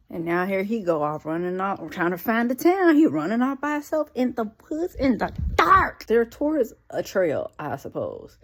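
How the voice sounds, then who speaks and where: A young woman talks through an episode she is watching, full of slang and incredulous side comments. Her pitch swings widely and expressively as she reacts. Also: sing-song, unhurried, few pauses. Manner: sarcastic, incredulous asides to the viewer; slangy, conversational. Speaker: reviewer recapping an episode. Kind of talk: casual recap commentary.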